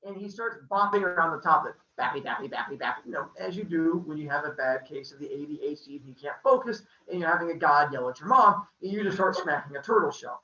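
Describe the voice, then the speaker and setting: Host telling a comic story, lively pitch, bright tone, casual and jokey with sound effects. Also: male voice, quick pace, hardly any pauses, echoey room, recorded from a distance, highs cut off. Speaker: podcast host. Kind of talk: comedic mythology storytelling.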